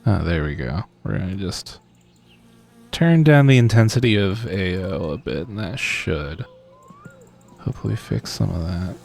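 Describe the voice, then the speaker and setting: A male game streamer talks his way through play in a loose, rambling manner. He pokes fun at himself and laughs often. His voice is gravelly and his pace is slow and unhurried. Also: sits low, lively intonation, a little mellow. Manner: rambling, self-deprecating, chuckles often. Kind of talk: casual live-stream chat while playing.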